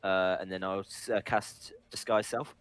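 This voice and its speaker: A man's voice: deep voice, fairly even intonation, normal speed, a bit bright, clear, resonant tone, soft background music. A man playing a tabletop game, thinking aloud and unsure, asking the group for advice. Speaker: player. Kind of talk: casual tabletop game chat.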